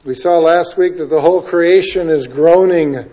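Male pastor, high voice, conversational expressive sermon, dull lo-fi recording. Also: normal speed. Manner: conversational, expressive preaching with wide swings in loudness.

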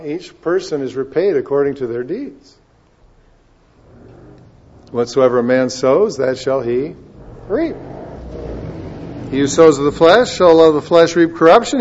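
A man's voice: a little high, lively intonation, normal speed, long pauses. Emphatic preacher man, lo-fi recording. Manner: swings from quiet asides to loud emphatic scripture reading. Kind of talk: sermon. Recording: dull lo-fi sound.

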